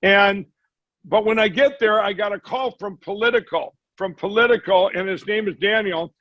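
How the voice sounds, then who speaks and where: A man's voice: sits high, moderate pace, no echo. A man, a guest, telling a long rambling story and acting out the quoted dialogue as he goes. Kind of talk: storytelling in a conversation. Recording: slightly dull audio.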